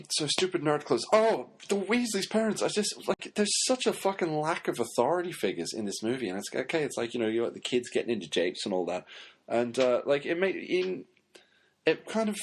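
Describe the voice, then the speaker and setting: A man's voice: on the low side, husky. A man hosting a solo podcast, ranting sarcastically with lots of swearing. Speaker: podcast host. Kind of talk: casual solo commentary.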